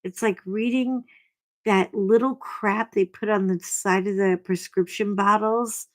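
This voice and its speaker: Older woman host, slow unhurried talker, chatty and self-mocking, clip-on mic. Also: mid-range voice, steady tone, no echo, low-quality recording. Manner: chatty, rambling and self-deprecating. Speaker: craft channel host. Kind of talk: casual chat to camera. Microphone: clip-on mic that keeps bumping.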